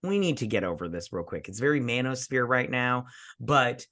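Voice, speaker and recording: A man's voice: medium pitch, expressive, normal speed, bright, forceful tone. A tipsy man co-hosting a casual movie review chat, blunt, crude and rambling. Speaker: podcast co-host.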